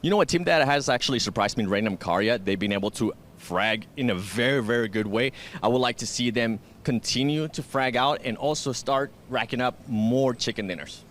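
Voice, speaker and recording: A man's voice: mid-range voice, a little fast, fairly bright tone, a little hiss or hum. A man working as an esports analyst, giving casual, frank breakdowns of teams.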